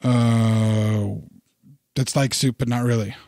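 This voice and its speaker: A man in his thirties, co-hosting a podcast in casual chat, rambling and animated with self-deprecating humor. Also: mid-range voice, slow, no echo, studio quality. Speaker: podcast co-host.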